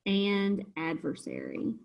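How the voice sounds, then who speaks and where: A woman's voice: mid-range voice, wildly swooping pitch, takes it slowly, creaky, dull audio. A woman teacher patiently walking students through a homework review, step by step. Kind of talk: recorded homework review lesson.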